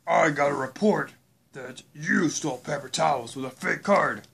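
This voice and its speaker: A man's voice: on the high side, moderate pace, creaky, fairly bright tone, slightly rough, heavily acted. A man playing a stern police chief who questions a suspect in a homemade toy story.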